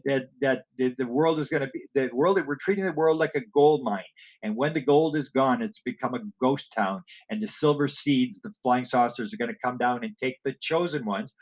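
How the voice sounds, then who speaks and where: Man, rambling anecdotal storyteller, mid-pitched voice, slightly muffled lo-fi sound. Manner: digressive storyteller, acts out quoted exchanges, many restarts. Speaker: guest telling stories about music and alien experiencers. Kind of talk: rambling anecdotal interview talk.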